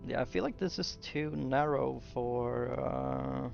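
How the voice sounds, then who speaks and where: A young game streamer talks slowly and half to himself as he works, with a heavily gravelly, fry-laden voice. He chats casually with his viewers between tasks. The audio is dull and lo-fi, with faint music under it. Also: medium pitch, a little mellow. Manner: muttering to himself while building, chatting to viewers. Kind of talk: casual gameplay commentary to chat.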